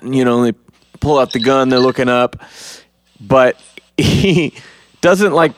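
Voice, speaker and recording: A man's voice: medium pitch, smooth, dry recording. A man hosting a podcast, chatting loosely and laughing often, with some swearing. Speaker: podcast host. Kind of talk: casual podcast chat.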